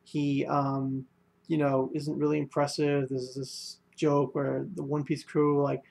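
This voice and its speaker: A man's voice: mid-range voice, completely flat delivery, takes it slowly, vocal fry, darkish tone. A young man giving a casual spoken manga review, rambling with lots of fillers and restarts.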